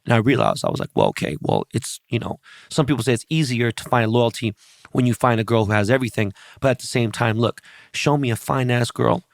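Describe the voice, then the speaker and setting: A podcast host with a gravelly, creaky voice, telling stories bluntly and peppering them with curses. He often turns to address his listeners directly. The sound is close and dry. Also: medium pitch, big pitch swings, quick pace, no echo. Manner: profane, blunt storytelling; talks straight to his audience. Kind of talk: casual podcast conversation.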